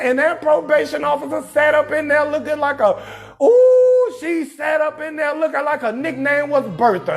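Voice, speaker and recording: A man comedian hosting his show, telling a profane comic story in a loud, emphatic way and often shouting his punchlines. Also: very high-pitched, gravelly. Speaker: comedian host.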